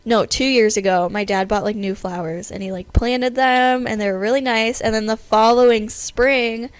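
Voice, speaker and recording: A woman's voice: on the high side, fairly even intonation, normal speed, smooth, no room sound. A young woman co-hosting a podcast, chatting casually in a playful, giggly way and asking curious questions. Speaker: podcast co-host. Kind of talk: casual chat.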